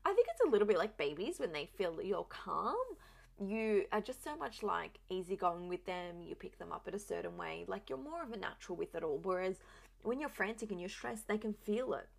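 Animated and fairly quick, a new mother in young adulthood shares her personal story in a candid, chatty way, full of "like". She has a gravelly, mid-range voice.

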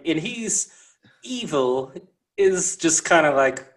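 A man co-hosting a podcast, chatting casually about a film, chiming in with quick jokes and laughing a lot. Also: on the high side, big pitch swings, a bit bright. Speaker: podcast co-host. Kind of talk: casual movie chat.

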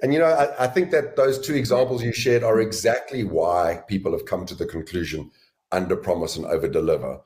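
A man with a lowish voice answers interview questions as a guest author and sales educator. He explains his points in a measured, deliberate way. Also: a little mellow.

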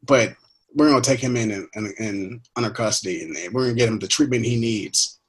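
A man's voice: mid-range voice, fairly quick, slight background noise. A man in a casual chat, loose and joking, full of slang.

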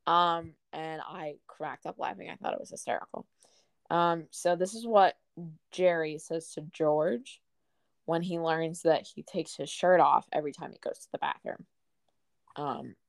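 A woman's voice: low-pitched, a little slow, gravelly, no echo. A young woman in casual chat, talking fondly about favorite lines with frequent "um"s. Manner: relaxed, fond, many "um"s.

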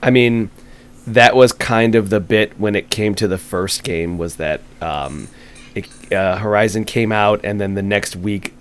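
A man's voice: on the low side, unhurried, clear, resonant tone. A man co-hosting a gaming podcast, rambling and casual, with many fillers and restarts. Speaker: podcast co-host.

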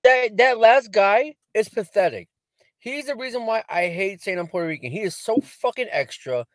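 A man's voice: high voice, expressive, normal speed, no echo, clean studio sound. A man co-hosting a podcast from a parked car over a phone hotspot, talking in a blunt, profane, casual way. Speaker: podcast co-host. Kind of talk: casual chat.

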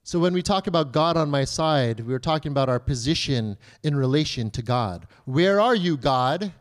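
A man in his thirties preaching a sermon in a conversational way, asking rhetorical questions and acting out pleas in a higher voice. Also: moderate pace. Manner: acts out children's and believers' pleas in a higher voice. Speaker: pastor.

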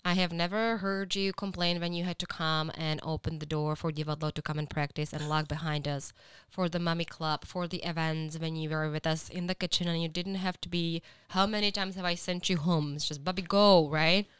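A woman's voice: deep voice, fairly even intonation, fairly quick, clear, resonant tone, no room sound. A woman on a podcast speaking earnestly in praise of someone, then teasing with laughter. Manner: earnest and warm, rising into loud laughing teasing. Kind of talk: casual heartfelt chat.

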